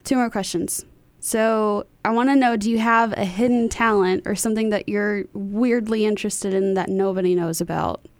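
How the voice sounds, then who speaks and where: A woman's voice: mid-range voice, steady tone, normal speed, no echo. A woman hosting a radio interview, asking questions in an upbeat, curious way.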